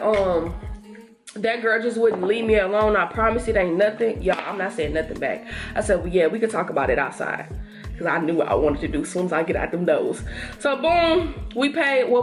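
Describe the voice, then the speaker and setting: A young woman vlogger chatting to her viewers while doing her makeup, telling a story in an animated way and acting out what people said. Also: mid-range voice. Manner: animated, talks to viewers as y'all, acts out quotes. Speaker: beauty vlogger.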